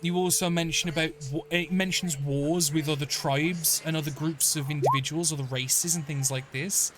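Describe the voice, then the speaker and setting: A man running a tabletop game as dungeon master, his voice slightly higher than most men's. He rambles, restarts and fills with ums and likes. Faint noise sits under the recording. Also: steady tone, normal speed. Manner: rambling, many fillers and restarts.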